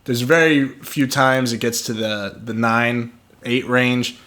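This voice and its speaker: A man's voice: mid-range voice, fairly even intonation, takes it slowly, a bit bright. Blunt, opinionated male podcast host. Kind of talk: casual film review chat.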